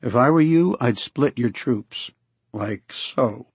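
Man doing a soft-spoken kindly young minister. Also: slow pace, husky, no room sound. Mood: gentle. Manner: soft-spoken, low and mild. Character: young male minister, calm, gentle and kindly. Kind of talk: audiobook character voice.

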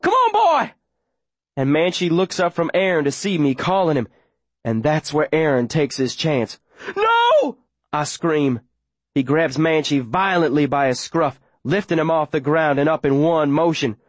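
A man's voice: a little high, normal speed, dry recording. A man narrating an audiobook in the first person, with urgent, breathless, run-on telling.

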